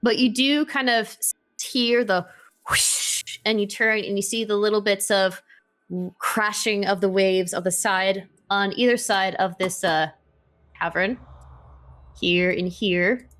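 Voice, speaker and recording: A woman's voice: mid-range voice, steady tone, unhurried, a bit bright. A woman running a tabletop game as game master, describing scenes in a hesitant way with many fillers.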